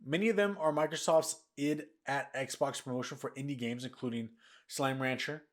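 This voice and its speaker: A man's voice: mid-range voice, moderate pace. Rambling young man hosting gaming news. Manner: rambling, repeats words, excited restarts. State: tired, yawning. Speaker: gaming news podcast host. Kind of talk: casual news chat.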